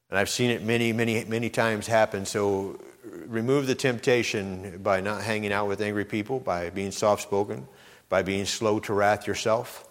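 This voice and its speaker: Deep-voiced male preacher in a reverberant hall. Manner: conversational, repeats words, acts out quoted speech. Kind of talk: sermon with personal stories.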